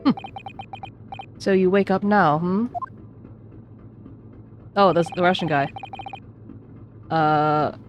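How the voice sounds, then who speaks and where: A woman's voice: lowish voice, takes it slowly, pauses often, dull audio, a little hiss or hum. A woman streaming a game, chatting casually and rambling with self-mocking jokes. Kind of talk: casual gaming commentary.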